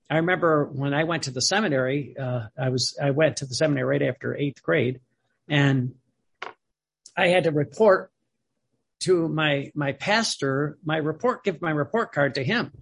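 A man's voice: on the high side, normal speed, vocal fry, fairly bright tone, husky. A man in his seventies, a priest, telling stories in a rambling sermon with many restarts and chuckles.

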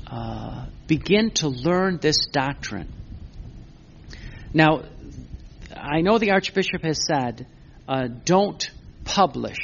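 A man's voice: medium pitch, creaky, fairly bright tone, slight background noise. A man preaching a sermon, earnest, asking questions and answering them himself, recorded on a muffled lo-fi recording. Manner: earnest, repeats words while building a point. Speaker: Catholic preacher.

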